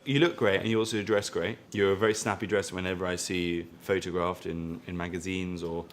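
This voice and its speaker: A man's voice: low voice, fairly even intonation, brisk. A man hosting an interview in a bar, asking questions in a jokey, playful way. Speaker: interviewer host. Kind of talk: casual interview chat.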